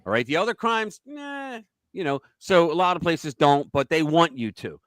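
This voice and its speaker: A man's voice: fairly high pitch, sing-song, normal speed, a bit bright, no echo. A man hosting a casual political talk livestream, rambling through stories bluntly and with profanity. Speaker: host.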